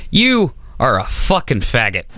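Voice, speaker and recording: A man putting on the voice of his foul-mouthed, furious middle-aged father, yelling and cursing. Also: mid-range voice, wildly swooping pitch, unhurried, no room sound, heavily acted. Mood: scornful.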